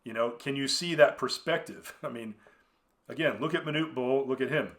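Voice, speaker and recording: A man's voice: medium pitch, moderate pace, fairly bright tone. A man hosting a solo commentary podcast, talking in a rambling, conversational way full of fillers and restarts. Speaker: podcast host.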